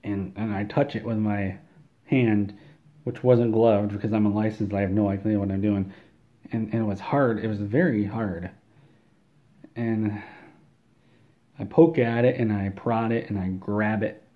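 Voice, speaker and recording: Deadpan man spinning an absurd tale. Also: lowish voice, unhurried, long pauses, phone-quality sound. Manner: deadpan, rambling, repeats words. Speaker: comedic storyteller. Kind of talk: absurd comedic monologue.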